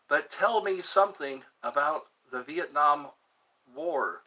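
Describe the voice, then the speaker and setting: A young man rambling excitedly on a live stream, chatting with viewers and reading out comments. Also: fairly high pitch, takes it slowly. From United States. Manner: rambling, excitable, breaks into sung bits. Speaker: livestream host.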